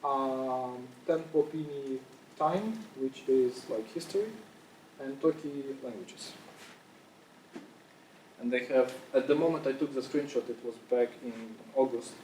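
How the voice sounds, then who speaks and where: In an unhurried manner and a darkish medium-pitched voice, a man addresses a conference audience casually. Fillers, restarts, loose wording and the odd cough run through his talk. A little hiss or hum is present, and the room echoes around his distant voice.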